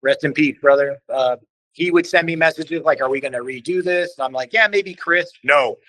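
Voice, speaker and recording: Man with a bright, tense voice. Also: mid-range voice, fairly quick, no room sound, low-quality recording. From Cleveland, Ohio. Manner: animated, acts out quoted voices, swears casually. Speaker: podcast guest, band vocalist. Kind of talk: casual storytelling in conversation.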